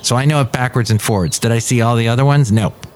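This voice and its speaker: A man's voice: medium pitch, quick pace, a little mellow, slight background noise. Chatty male podcast host, rambling. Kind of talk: casual solo podcast chat. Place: café.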